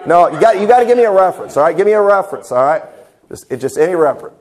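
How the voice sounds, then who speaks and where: High-voiced pastor preaching conversationally. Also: male voice, expressive, rapid-fire, darkish tone. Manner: conversational preaching, mocking asides, humorous. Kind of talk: sermon. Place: church sanctuary.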